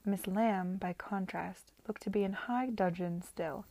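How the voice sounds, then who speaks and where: A woman's voice: medium pitch, measured pace, dark tone, dry recording. A woman reading a novel aloud to friends, casually, often stumbling over words and correcting herself. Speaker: reader.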